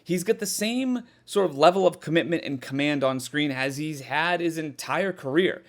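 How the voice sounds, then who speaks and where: A man's voice: fairly high pitch, normal speed. A man giving a casual, sarcastic spoken review of a horror film, swearing freely and sounding exasperated.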